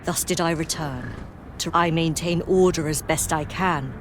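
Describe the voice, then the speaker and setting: A woman's voice: low voice, a little hiss or hum. A stately, formal game noblewoman. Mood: grave, formal. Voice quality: measured, formal archaic diction. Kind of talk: video game dialogue.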